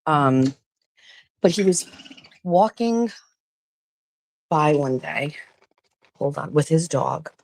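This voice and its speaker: A woman's voice: sits low, animated, slow, gravelly, long pauses, a little mellow. A woman hosting a show, telling a casual story to her viewers, chatty and swearing freely and often breaking off to talk to others in the office. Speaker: show host. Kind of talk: casual storytelling to a live audience.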